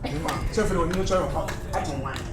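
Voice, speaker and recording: A woman playing a flattering hanger-on in a comedy skit. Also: low voice, normal speed, natural voice. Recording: loud music under the voice.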